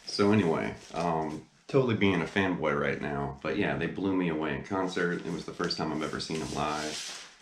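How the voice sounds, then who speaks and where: Man, very deep voice, guitar lesson host, enthusiastic rambling, seated at camera, echoey room. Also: moderate pace, slight background noise. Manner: enthusiastic, rambling with many fillers. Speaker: guitar teacher, channel host. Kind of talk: casual video lesson talk.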